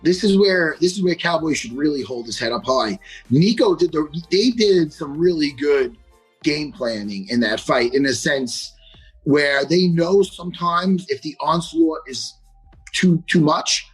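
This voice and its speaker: Casting: husky-voiced male MMA analyst, animated, excitable, casual. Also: fairly high pitch, a little slow, faint music behind, poor audio. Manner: animated, acts out quotes, stutters when wound up. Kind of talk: casual fight analysis chat.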